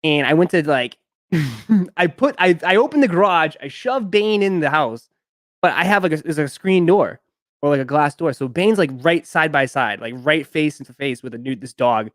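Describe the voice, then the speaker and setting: A man's voice: a little high, animated, normal speed, fairly bright tone, no room sound, studio quality. A young man hosting a live stream, chatting casually and telling a long rambling story with lots of fillers. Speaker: sneaker live stream host.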